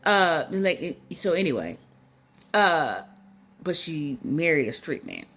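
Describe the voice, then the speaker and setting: A woman's voice: low-pitched, big pitch swings, unhurried, fairly bright tone. Tearful woman talking into her phone. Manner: rambling, personal, with many fillers and asides. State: tearful, near crying. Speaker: spiritual channel host. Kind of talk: casual spiritual talk to viewers.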